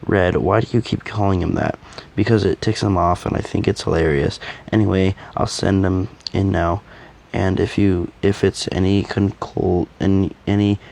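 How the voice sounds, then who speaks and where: A man's voice: sits low, fairly even intonation, normal speed, vocal fry, a little mellow. A man voicing a wry, teasing young male companion who talks in an easygoing way in a fan audio drama.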